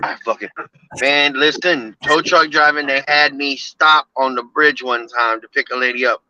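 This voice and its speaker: A man's voice: medium pitch, steady tone, normal speed, bright, forceful tone, no echo, muffled recording. A man from Florida, a tow truck driver, telling stories over the phone in casual profane talk with stammering restarts. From Florida, USA. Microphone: phone while driving.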